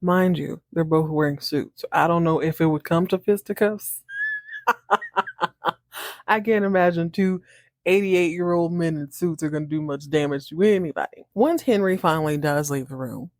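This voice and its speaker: A woman talks through a TV episode with lively, chatty energy. She slips into playful voices for the characters and laughs as she goes. The sound is close and dry, with no room echo. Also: low voice, normal speed. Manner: animated, acts out characters' lines in shifting voices; laughs often. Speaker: podcast host recapping a TV episode. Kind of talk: casual recap monologue.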